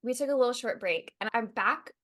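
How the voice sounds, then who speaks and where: A woman's voice: a little high, brisk, fairly bright tone. A woman co-hosting a podcast, casually recapping a novel with laid-back, wry asides. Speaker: podcast co-host.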